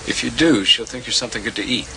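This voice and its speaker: An actor playing a calm, dryly humorous man who knows lions, in a film drama with a noisy old soundtrack. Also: medium pitch, fast talker, vocal fry, close to an everyday voice.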